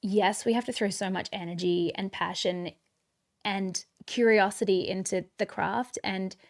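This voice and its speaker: Woman actress guest, podcast chat, kinda gravelly, relaxed and rambly. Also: medium pitch, unhurried. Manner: relaxed, talks in loose run-on phrases with many "like"s.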